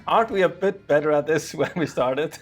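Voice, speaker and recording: A man's voice: fairly high pitch, normal speed, crowd noise. A man hosting a casual band podcast, laughing often and restarting sentences with fillers. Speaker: podcast host. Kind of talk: casual chat.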